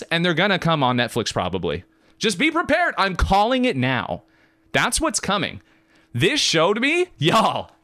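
A man hosting a podcast, talking in an excited, emphatic rant that swings between high and low. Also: no echo. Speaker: podcast host. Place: California.

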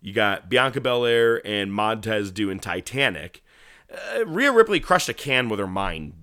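A man with a low, bright, forceful voice tells stories in an animated, swearing, casual way, acting out quotes as he goes. The sound is close and dry, with no room in it. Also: unhurried, dry recording. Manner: animated storytelling, swearing, acts out movie lines. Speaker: podcast co-host. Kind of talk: casual wrestling chat.

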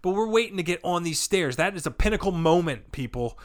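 A man, a comedian guest, telling a rowdy, profane story with animated delivery and sudden shouts. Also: high-pitched, fairly quick. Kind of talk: storytelling chat.

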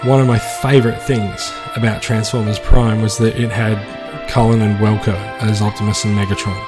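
A man's voice: lowish voice, flat delivery, moderate pace, over music. A man co-hosting a casual podcast chat from home, hedging often and laughing easily. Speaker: podcast co-host. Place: home apartment.

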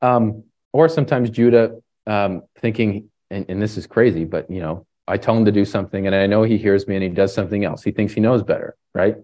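A man preaching a sermon in a relaxed, conversational way, often tagging on "right?" and pausing with fillers. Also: on the low side. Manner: halting restarts and fillers. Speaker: pastor.

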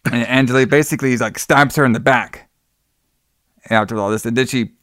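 A man's voice: medium pitch, a little fast, a bit bright, dry recording, studio quality. A man casually recapping a movie plot, rambling and swearing, acting out the characters' lines and laughing as he goes. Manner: rambling, profane, acts out quotes with laughs. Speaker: podcast co-host recapping a movie.

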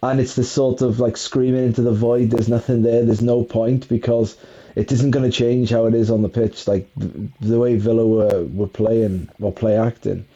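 A man chatting about football in a very dark, mellow voice, rambling and poking fun at himself. The recording is dull and lo-fi, like a home podcast setup. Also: medium pitch, flat delivery, normal speed. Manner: rambling, self-mocking, often laughing. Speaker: podcast co-host. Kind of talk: casual football chat.

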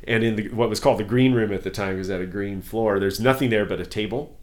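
A man hosting a podcast, telling a story in casual chat with animated delivery and frequent laughs. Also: fairly low pitch. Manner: animated, laughing, quick restarts. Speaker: podcast host.

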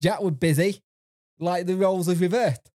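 A man's voice: high-pitched, moderate pace. A young man co-hosting a casual podcast, telling stories and acting out the people in them. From England. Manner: lively storyteller, acts out quotes. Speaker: podcast co-host. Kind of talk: casual chat.

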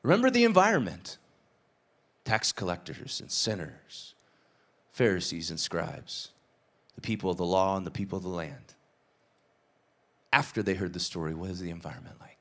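A man preaching a sermon, retelling a parable with lively acted-out dialogue and casual asides. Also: normal speed, pauses often. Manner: animated storytelling, acts out dialogue with shifting pitch. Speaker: pastor.

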